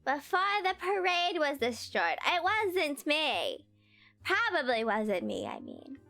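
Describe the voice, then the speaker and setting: A woman's voice: sits high, very animated, slow pace, a bit bright, faint music behind, exaggerated voice. Woman doing a nerdy hooved party animal. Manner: nerdy, nasal put-on voice.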